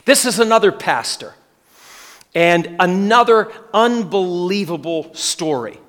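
A man preaches a sermon, earnestly telling a story, repeating key phrases and quoting its characters. His high, fairly bright voice is animated and measured, with the long reverb of a large hall.

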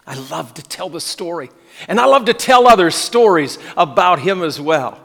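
A man's voice: on the high side, lively intonation, normal speed, vocal fry, fairly bright tone. A man preaching, telling a story in earnest, repeating key phrases and quoting the people in it. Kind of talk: sermon storytelling. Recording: long reverb of a large hall.

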